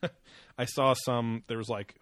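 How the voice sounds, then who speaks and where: A man's voice: medium pitch, flat delivery, a little slow, fairly bright tone, no room sound. A man co-hosting a podcast in casual crude chat, rambling with lots of fillers and frequent laughter. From West Coast of the US. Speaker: podcast co-host.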